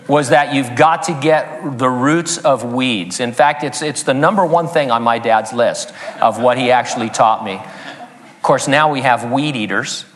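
A man's voice: a little high, fairly bright tone, big-room sound. A man preaching a sermon as pastor, breaking in with joking asides and chuckling at his own jokes. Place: church sanctuary.

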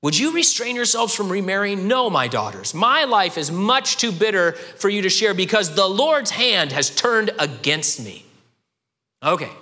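A man preaching a sermon with animated delivery, acting out the voices of people in the scripture he quotes. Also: high voice, big-room sound. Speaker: pastor.

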